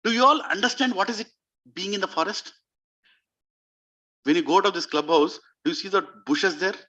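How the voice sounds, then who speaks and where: A man's voice: sits high, fairly quick, bright, forceful tone, highs cut off. A man telling a devotional story as a sermon to an audience in a community clubhouse. He speaks emphatically and keeps putting questions to his listeners. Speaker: spiritual speaker.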